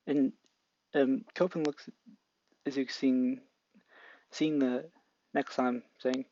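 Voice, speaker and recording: A young man narrating an improvised fan story in a halting, casual way with many restarts. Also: medium pitch, level tone, dark tone, no echo. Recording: dull lo-fi mic.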